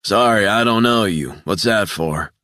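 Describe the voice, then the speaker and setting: A man's voice: fairly low pitch, measured pace, sharp tone, no room sound, studio quality, pitched above the performer's own voice. A man putting on a heated burly ex-cop. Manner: profane, heated, raised voice. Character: burly red-faced ex-cop man, emotional, angry.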